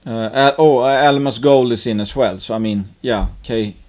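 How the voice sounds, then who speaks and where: Guy rambling about mining stocks, average pitch, lots of uhs and restarts. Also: moderate pace, darkish tone. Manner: rambling, many fillers and restarts. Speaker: investing channel host. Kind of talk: casual market commentary.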